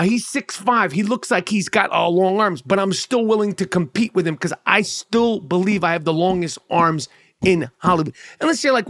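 A man's voice: a little high, fairly bright tone, dry recording, clean studio sound. A middle-aged man telling a comic story in a brash, boastful, rambling way, swearing heavily.

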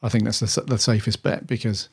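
Casual male podcast co-host, lowish voice, loose rambling delivery. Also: little pitch movement, fast, gravelly, husky. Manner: rambling, with many restarts and "dude". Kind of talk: casual chat.

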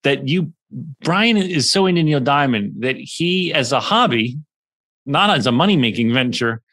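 A man's voice: medium pitch, expressive, moderate pace, fairly bright tone. Teasing, upbeat male host. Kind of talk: casual chat.

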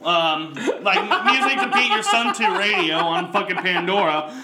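A man co-hosting a podcast in casual chat, ranting in a profane, animated way. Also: high voice, unhurried, reverberant, heavy background noise. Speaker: podcast co-host.

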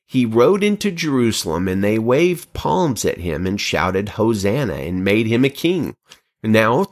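A man preaching a sermon and reading scripture, with emphatic swings in pitch on key words and casual conversational asides.

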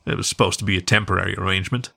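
A man's voice: low-pitched, fairly even intonation, rapid-fire, vocal fry, bright, forceful tone, husky, full character voice. A man as an easygoing friendly bear.

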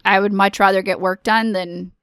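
A woman's voice: mid-range voice, steady tone, normal speed, fairly bright tone, clean tone, no room sound, studio quality. A woman in her thirties hosting a podcast, giving a casual, earnest pep talk to other moms. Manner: earnest, pep-talk, direct address to listeners. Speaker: podcast host.

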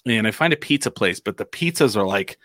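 A man's voice: lowish voice, lively intonation, brisk, a bit bright, dry recording, clean studio sound. A man from New Mexico telling a long story in casual chat, rambling with fillers and acting out quotes.

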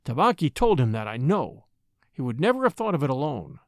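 A man's voice: medium pitch, big pitch swings, brisk, dry recording, studio quality, natural voice. A man voicing a loyal young male wolf, matter-of-fact and conspiratorial, in an audiobook story. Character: male wolf, Mowgli's brother, loyal, scheming.

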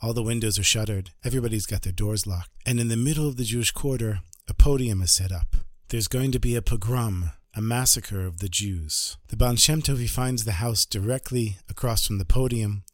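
A man telling a traditional story in a lively, animated, dramatic way. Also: lowish voice, a little fast, hardly any pauses, no room sound, studio quality. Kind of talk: oral storytelling.

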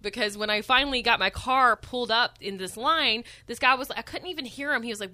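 A woman's voice: a little high, fairly quick, few pauses, sharp tone. A young woman co-hosting a radio morning show, telling a story in casual chat, laughing and acting out other people's lines.

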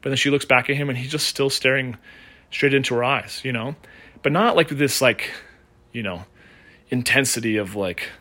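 A man telling a story on his podcast. He talks in a loose, rambling way, full of fillers. His pitch sits in the middle range for a man. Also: pushed and bright. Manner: casual and rambling, with many fillers. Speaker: podcast host. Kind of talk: storytelling monologue.

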